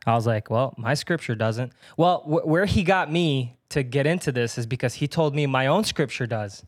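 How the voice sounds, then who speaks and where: Young man telling a lively story. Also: mid-range voice, normal speed, dry recording, clean studio sound. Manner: storytelling, animated, laughs mid-sentence. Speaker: podcast co-host. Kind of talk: casual chat.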